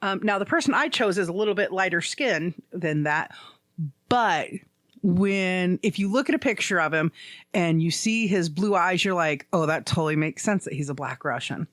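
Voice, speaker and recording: A woman co-hosting a podcast in an animated, chatty way. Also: lowish voice, moderate pace, no echo, clean studio sound. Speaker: podcast co-host. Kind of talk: casual chat.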